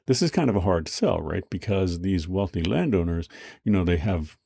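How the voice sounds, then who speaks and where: Guy lecturing casually, dark husky voice, lots of um and you know. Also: low voice, lively intonation, moderate pace, dry recording, clean studio sound. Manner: conversational, many fillers and restarts. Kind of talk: recorded university lecture.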